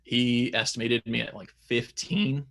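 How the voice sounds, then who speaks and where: Man, gravelly voice, young adult, casual interview guest, rambling with fillers. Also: medium pitch, unhurried, fairly bright tone. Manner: chatty, many fillers and restarts.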